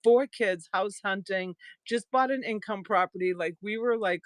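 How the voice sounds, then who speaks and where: A woman's voice: medium pitch, dry recording. A middle-aged woman from Boston, hosting a live sale and telling rambling stories with frequent laughs. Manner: rambling storyteller, laughs often, quick asides. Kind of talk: casual live-stream sales chat.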